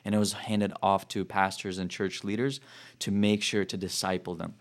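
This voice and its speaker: A man's voice: sits low, little pitch movement, moderate pace. A man speaking as a missionary guest in a casual interview, explaining his faith in an earnest, fervent way.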